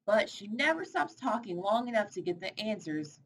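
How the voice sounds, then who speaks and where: Woman, picture book read-aloud, lively pitch, faint noise behind. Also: normal speed, hardly any pauses, poor audio. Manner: expressive, animated reading. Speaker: storybook reader.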